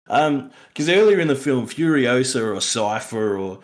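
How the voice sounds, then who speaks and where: Aussie bloke rambling about a movie on a podcast, laughs a lot, mid pitch. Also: male voice, animated, moderate pace, few pauses. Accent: Australian. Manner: rambling, laughing, acts out lines from the film. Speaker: podcast co-host. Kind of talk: casual film review chat.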